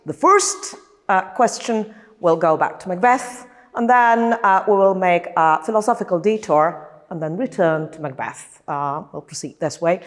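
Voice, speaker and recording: A Polish-accented woman, a lecturer leading a workshop, speaking hesitantly with many fillers and restarts in a large hall. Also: mid-range voice. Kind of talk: workshop instruction. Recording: long hall reverb.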